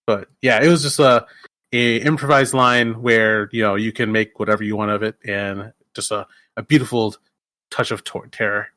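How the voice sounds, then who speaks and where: A man's voice: fairly low pitch, steady tone, moderate pace, sharp tone, no room sound. A man in a middle register stumbles through restarts while he talks about a film, swearing easily as he goes. He is recorded close and dry. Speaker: podcast co-host. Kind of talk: casual movie discussion.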